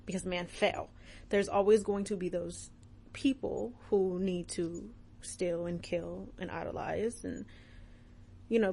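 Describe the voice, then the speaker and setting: A woman's voice: mid-range voice, a little hiss or hum. Earnest young woman hosting a faith podcast. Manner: earnest, animated, often laughing. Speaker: podcast host. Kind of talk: casual faith talk.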